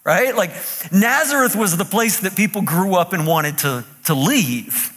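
Bright-voiced man preaching in a reverberant church. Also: sits high, measured pace, husky. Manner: playful, animated, draws in the congregation. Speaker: pastor. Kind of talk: sermon. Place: church with a live congregation.

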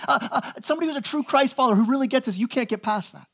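A man with a high, light voice preaches to his church. He delivers the sermon with lively energy, jumping into the voices of the people he quotes and stumbling over repeated words as he begins his thoughts. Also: racing. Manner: animated, acts out quoted voices, repeats words when starting phrases. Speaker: pastor.

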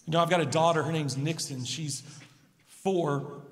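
A man in his thirties preaching a sermon, telling family stories and swinging between soft and loud emphasis. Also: fairly high pitch, steady tone, moderate pace, long reverb tail. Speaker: pastor.

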